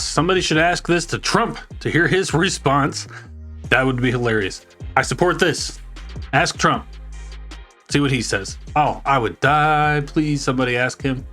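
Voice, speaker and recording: A man's voice: medium pitch, a bit bright. A man hosting a commentary video, reading viewer comments in a sarcastic, exasperated way. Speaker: commentary channel host.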